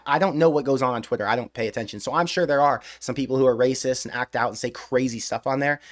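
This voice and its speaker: Young male livestream host, rapid and animated, reads chat comments and rants about his team. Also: medium pitch. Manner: rapid, animated ranting with frequent restarts. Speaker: sports fan channel host. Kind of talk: casual livestream chat reading viewer comments.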